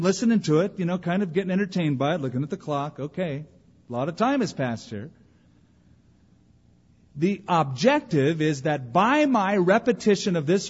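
A man's voice: fairly high pitch, a little mellow, slightly rough. A man preaching a sermon as a pastor, telling stories and acting out the voices he quotes. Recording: dull audio with long hall reverb.

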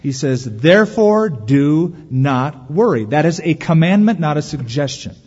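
A man preaching a sermon as pastor, lively, acting out the anxious voices of worriers. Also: on the high side, unhurried, husky. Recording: dull lo-fi recording with long hall reverb.

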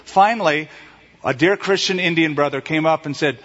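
A man preaching a sermon as a pastor, telling stories in an animated way and acting out the voices he quotes, recorded in a church sanctuary. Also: fairly high pitch, moderate pace. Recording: reverberant hall, dull lo-fi sound.

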